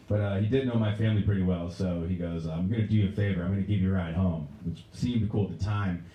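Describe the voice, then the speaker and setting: A young man from Pennsylvania doing a stand-up routine in a Pennsylvania accent, telling stories deadpan and breaking into raised voices for other people. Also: low voice, quick pace, hardly any pauses, far from the mic, muffled recording. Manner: deadpan storytelling, acts out characters in raised voices. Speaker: stand-up comedian. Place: movie theater stage. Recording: echoey room.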